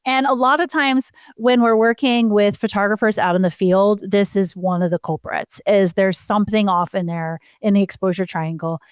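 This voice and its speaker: A woman's voice: mid-range voice, normal speed, hardly any pauses, clean tone, dry recording, studio quality. A woman co-hosting a casual podcast, explaining horse photography in a chatty, self-deprecating way.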